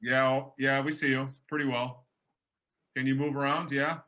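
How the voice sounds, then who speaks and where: A man's voice: medium pitch, little pitch movement, normal speed, pushed and bright. A man hosting a workshop as a professor, chatting casually with many restarts and fillers.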